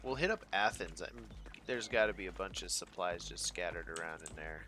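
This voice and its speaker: Chatty low-voiced man streaming a game. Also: moderate pace, bright, forceful tone, a little hiss or hum. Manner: rambling, chatty, talks to chat between plays. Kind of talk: casual gameplay commentary.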